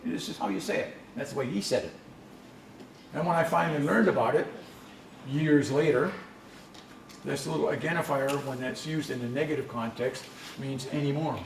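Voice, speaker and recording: A man's voice: medium pitch, moderate pace, creaky, pauses often. A man presenting a language workshop, explaining in a conversational storytelling way with frequent restarts. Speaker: language instructor. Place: conference session room. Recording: echoey room, distant mic, faint noise.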